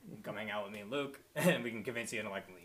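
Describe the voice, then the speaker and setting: A man's voice: on the low side, very fast, a bit bright. A man hosting a casual podcast, rambling with lots of fillers and casual swearing. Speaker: podcast host.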